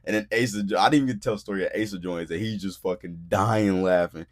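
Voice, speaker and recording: A man's voice: low voice, fast. A young man hosting a podcast, telling a story in loose, slangy casual talk and acting out the quotes. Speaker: podcast host.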